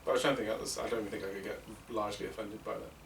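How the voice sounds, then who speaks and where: A man's voice: lowish voice, level tone, racing, gravelly, a bit bright. A man from England with a northern accent from near Manchester, a guest telling stories in a chatty, casual way and laughing as he talks. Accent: northern English, near Manchester. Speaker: guest, wrestler. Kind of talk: casual chat. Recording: echoey room, distant mic, faint hiss.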